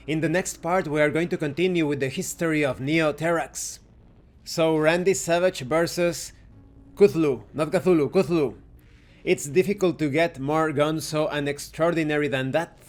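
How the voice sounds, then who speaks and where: A man hosting a tabletop game review channel, reading lore aloud in an earnest storytelling way and then thanking his viewers. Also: a little high. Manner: stops to correct his own pronunciation.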